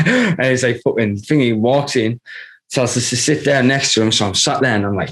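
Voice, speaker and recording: A man's voice: mid-range voice, animated, moderate pace, a bit bright. A man telling a long, rambling story in casual chat, swearing constantly and laughing as he goes. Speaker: podcast guest.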